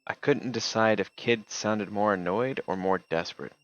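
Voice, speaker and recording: A man's voice: fairly low pitch, moderate pace, hardly any pauses, dull audio. A man streaming, reading a text game aloud and casually remarking between passages. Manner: casual, reads narration then remarks.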